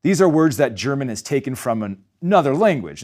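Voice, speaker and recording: A lively man with a mid-range voice works through a scripted lesson on how to pronounce German. He slows down to show each sound.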